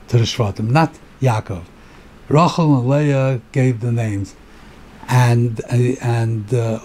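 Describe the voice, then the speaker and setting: A man's voice: medium pitch, mellow, a little hiss or hum. A rabbi giving a Torah lecture, mixing Hebrew terms into English and often repeating words as he thinks.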